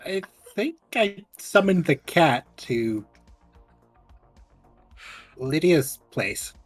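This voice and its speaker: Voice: medium pitch, very animated, very slow, no echo, faint music behind. A tabletop game player describing a character's actions and chatting casually, often chuckling.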